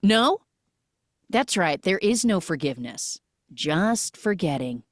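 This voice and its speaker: A woman quoting a male billionaire villain from a film, mostly taunting and sometimes shouting in a frantic way. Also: fairly low pitch, big pitch swings, slow, dry recording, studio quality, voice pushed up, heavily acted. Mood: ranting.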